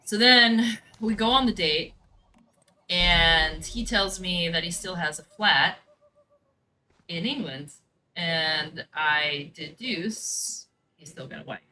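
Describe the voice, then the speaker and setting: A woman's voice: fairly low pitch, takes it slowly, pushed and bright, a little hiss or hum. A woman streamer chatting casually while she plays a game, telling stories and acting out the lines of people in them, with some swearing. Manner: chatty storyteller, acts out quoted lines. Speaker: gaming streamer.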